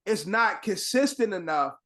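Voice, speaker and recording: A fairly high-voiced man in loose podcast talk. He rambles and circles his points, leaning on fillers, and is quick to agree with the others. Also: expressive, over a noisy crowd. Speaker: podcast co-host. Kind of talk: casual podcast chat.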